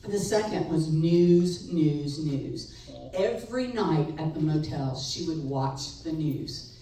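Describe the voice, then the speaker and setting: Middle-aged woman, storyteller, lively pitch, slightly low voice, far off in an echoey hall with faint noise. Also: slow. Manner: wry, animated, laughs between lines. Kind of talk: live personal storytelling.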